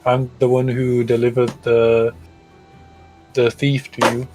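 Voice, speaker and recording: A man's voice: mid-range voice, monotone, takes it slowly, darkish tone, soft background music, close to an everyday voice, low-quality recording. A man voicing a nervous young female guard recruit who stammers and tries to please. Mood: nervous pleading.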